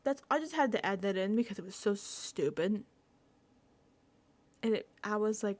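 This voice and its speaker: A woman in a casual recap vlog, her pitch swinging widely as she talks. She speaks in an animated, blunt, profane way and laughs freely between points. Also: moderate pace, long pauses. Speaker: reality TV recap vlogger.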